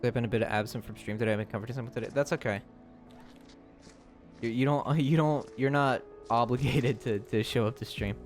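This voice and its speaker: A man's voice: fairly quick, soft background music. A man streaming live, chatting with his viewers in a rambling, giggly way. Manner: giggly, rambling, breaks into high laughing shrieks. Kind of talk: casual live-stream chat.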